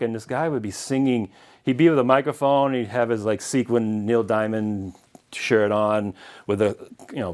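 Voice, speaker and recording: A middle-aged man giving a casual history lecture, chatting through anecdotes and chuckling now and then. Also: mid-range voice. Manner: chatty and anecdotal, chuckling at his own stories. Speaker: lecturer and longtime marathon runner.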